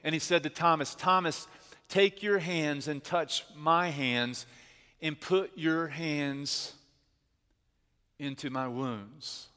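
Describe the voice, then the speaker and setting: A man preaching to his congregation in an earnest, storytelling way, slowing down to lean on the words that matter. His voice sits a little higher than most men's. It rings out through a church sanctuary with a long, trailing reverb. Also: steady tone, bright, forceful tone, clean tone. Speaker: pastor. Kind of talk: sermon.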